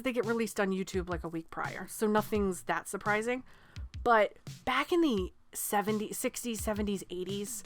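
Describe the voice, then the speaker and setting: A woman from New England in her thirties, co-hosting a casual movie podcast and telling stories with lively acted-out quotes and casual swearing. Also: medium pitch. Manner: animated storyteller, swears freely, acts out quotes. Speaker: podcast co-host. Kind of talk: casual chat about movies.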